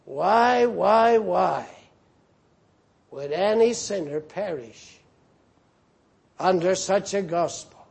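A man preaching a sermon in a slow, measured way, rising in emphasis on key phrases. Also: sits high, animated, creaky, a little mellow, husky.

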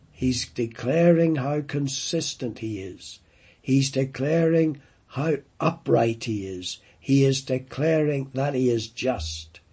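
Male preacher, unhurried and emphatic, very husky dark voice, repeats lines for weight. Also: medium pitch. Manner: emphatic, repeats and stresses key phrases. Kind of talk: sermon.

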